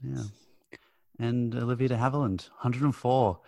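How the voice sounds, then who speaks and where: A man's voice: medium pitch, fairly even intonation, creaky, darkish tone, dry recording. A man chatting enthusiastically about old films as a podcast co-host. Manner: chatty, enthusiastic, quick asides. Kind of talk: casual film chat.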